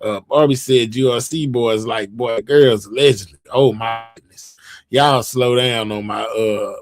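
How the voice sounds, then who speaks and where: A man's voice: mid-range voice, steady tone, a little slow. A man hosting a live stream, chatting casually and reading out viewer comments, rambling with many fillers and restarts. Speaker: livestream host.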